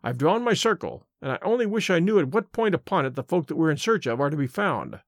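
Male reader voices a bluff police inspector: brisk, hearty, lively in tone. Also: fairly high pitch, no room sound, studio quality. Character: bluff, confident Victorian police inspector man.

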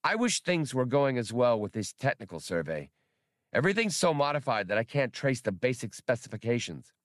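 A man voicing a squeaky, fussy male alien skip tracer in an audiobook reading. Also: big pitch swings, fairly quick, no room sound, studio quality, close to an everyday voice. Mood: exasperated. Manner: fussy and impatient. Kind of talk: audiobook character voice.

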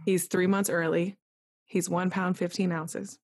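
Unhurried and level in tone, a young woman with a lowish, slightly mellow voice guests on a podcast. She tells a personal story candidly and vividly, quoting and acting out what others said to her.

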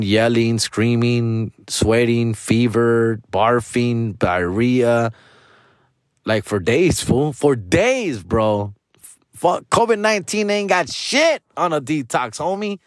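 A man's voice: mid-range voice, no echo, clean studio sound. A man telling a personal story casually, full of slang and swearing, slipping into Spanish now and then. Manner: heavy slang, profane, switches into Spanish; earnest, pleading, repeats street address terms.

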